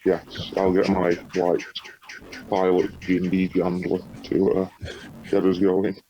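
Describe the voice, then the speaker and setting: Low-voiced man, laid-back comedy co-host. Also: completely flat delivery, slow, mellow, lo-fi sound, slight background noise. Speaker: podcast co-host. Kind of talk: improvised comedy chat.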